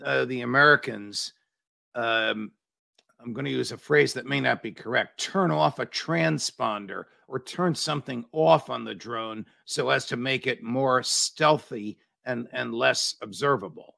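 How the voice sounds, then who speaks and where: A man hosting an interview, asking measured questions with hesitant fillers. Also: medium pitch, gravelly, pushed and bright, no room sound. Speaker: host.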